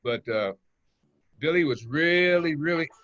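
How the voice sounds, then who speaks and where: Older man guest, relaxed rambling storyteller, dry close mic, muffled lo-fi sound. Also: on the high side, measured pace, no room sound. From Oakland, California. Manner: relaxed, rambling, chuckles between stories. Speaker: interview guest, former pitcher. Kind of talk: casual interview storytelling.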